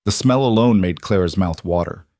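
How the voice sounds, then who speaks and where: Male storybook narrator, low, steady, measured, dry sound. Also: no room sound.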